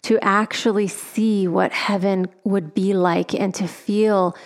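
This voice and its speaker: A woman hosts a faith talk show, asking her guest questions in a gentle, affirming way and quoting scripture. Her pitch stays level and even, with little rise and fall. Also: takes it slowly. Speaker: show host.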